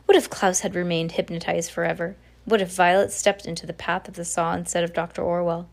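A woman's voice: fairly low pitch, fairly even intonation, fairly quick, gravelly. A woman reading a children's novel aloud, unpolished, with frequent slips and restarts. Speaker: audiobook reader. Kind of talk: casual read-aloud of a novel.

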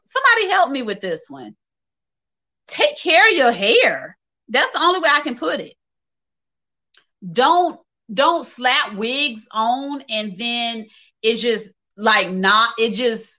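A woman hosts a relaxed livestream and answers viewer comments in an open, chatty way, laughing often. Her voice is bright and sits a little high. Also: takes it slowly, low-quality recording. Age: adult, working age. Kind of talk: casual livestream chat.

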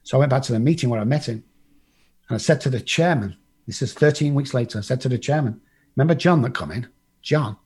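Speaking quickly in a mid-range, darkish voice with some breathiness, this English recovery speaker shares his own story with a group. He's blunt and swears freely, voicing the characters as he goes.

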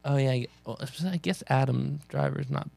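A man co-hosting a podcast in casual chat, easygoing and quick to laugh. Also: mid-range voice, steady tone, gravelly, a little mellow, no echo. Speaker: podcast co-host.

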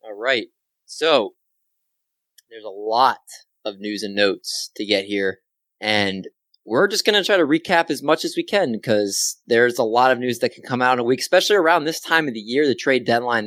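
A man's voice: medium pitch, animated, a bit bright, no echo. Upbeat man hosting a sports podcast. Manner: upbeat, self-deprecating, quick asides. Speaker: podcast host. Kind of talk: solo sports podcast chat.

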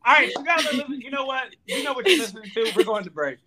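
A man hosting a podcast, chatting casually and joking with quick asides. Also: very high voice, lively intonation, very noisy. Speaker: podcast host. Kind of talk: casual chat.

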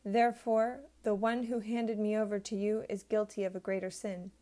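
Woman reading as a calm, steady teacher. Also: mid-range voice, normal speed, lightly acted.

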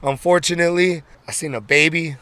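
A man's voice: on the high side, steady tone, brisk, sharp tone, clear, resonant tone, dry recording. A man from San Francisco telling stories as an interview guest, laid-back and streetwise, with plenty of slang and swearing. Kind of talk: casual storytelling interview.

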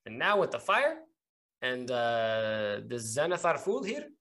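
A man's voice: mid-range voice, huge pitch swings, a little slow, a bit bright, exaggerated voice. A suspicious, commanding guard captain woman, played by a man in a tabletop game. She talks in clipped, foreign-sounding phrases and jabs "huh?" at the end of her questions. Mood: conspiratorial.

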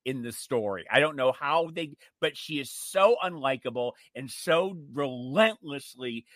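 A man co-hosting a casual chat, telling stories in an animated, emphatic way. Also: medium pitch, measured pace, no echo. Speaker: co-host.

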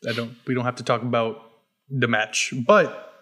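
A man's voice: medium pitch, little pitch movement, normal speed, fairly bright tone. A young man co-hosting a podcast who steers the casual conversation with dry wisecracks. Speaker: podcast co-host steering topics. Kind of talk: casual chat among friends.

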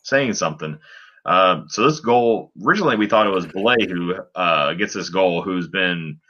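A man's voice: deep voice, animated, moderate pace, bright, forceful tone, highs cut off, a little hiss or hum. A man on a casual sports podcast, recapping a game in a rambling way with lots of fillers. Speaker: podcast co-host.

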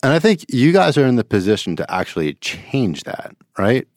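A man's voice: mid-range voice, big pitch swings, moderate pace, a little mellow, dry recording, studio quality. A man, a trade journalist guest, talking in a hesitant, self-deprecating way in a casual business chat.

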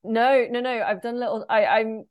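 A woman's voice: on the high side, normal speed, highs cut off. A British woman in her forties, a guest chatting casually over a video call in a rambling way. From Great Britain. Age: 40s. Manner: rambling, chatty, wandering sentences.

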